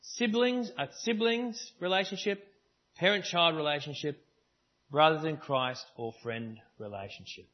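A man's voice: fairly high pitch, a little slow, muffled recording. A man preaching a sermon at a church service, in a conversational style with varied emphasis. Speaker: pastor.

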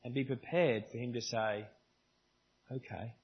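A man's voice: a little high, lively intonation, moderate pace, breathy edge, lo-fi sound. A man preaching a sermon at a church service, in a conversational style with varied emphasis. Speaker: pastor.

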